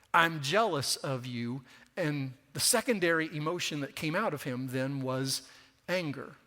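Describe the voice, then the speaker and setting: A man's voice: a little high, a bit bright. A middle-aged man preaching a sermon in a conversational way, sometimes acting out the voices of the people he quotes, in a church. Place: church sanctuary. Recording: long church reverb.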